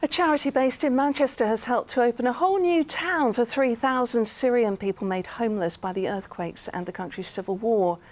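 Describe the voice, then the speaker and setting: A woman presenting regional TV news, reading stories in a clear, measured way. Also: a little high.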